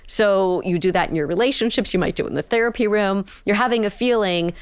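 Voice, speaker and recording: A middle-aged woman speaks as a therapist in an unhurried podcast conversation, her voice smooth and resonant. Now and then she slips into small acted-out examples to make a point. The sound is dry and close, with no room around it. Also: medium pitch, no room sound. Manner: thoughtful, explains with acted-out examples. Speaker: psychotherapist and author, guest.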